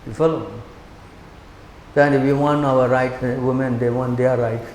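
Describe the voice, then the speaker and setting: An older man, a monk, giving an animated sermon that mixes personal stories with rhetorical questions to his listeners. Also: medium pitch, a little slow. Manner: animated, acts out quoted speech, fires rhetorical questions. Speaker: monk lecturing on scripture. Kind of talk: sermon with storytelling. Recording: echoey hall with faint background noise.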